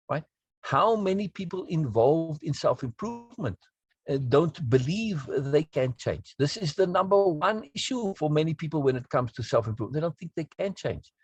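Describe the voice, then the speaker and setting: A man's voice: a little high, lively intonation, fairly quick, slightly rough, dry recording. A man teaching a self-help course, explaining in an earnest, emphatic way and often checking in with the listener. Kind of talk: spoken lesson on self-talk.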